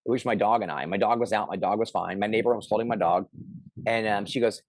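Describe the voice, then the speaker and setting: A middle-aged man telling a personal story in casual conversation, animated and shouting out the lines he quotes. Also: lowish voice, fast talker, no echo. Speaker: interview guest.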